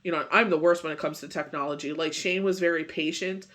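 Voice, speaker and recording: A man's voice: on the high side, steady tone, fast talker, sharp tone. A man giving a casual daily tarot reading, rambling with lots of "you know" and "it's just like", still getting over a bad cold. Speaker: tarot reader.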